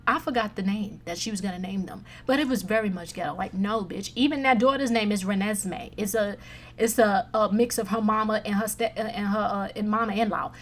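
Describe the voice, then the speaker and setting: A woman reviewing movies in a casual chat, blunt, profane and animated as she rants. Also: medium pitch, brisk, slight background noise.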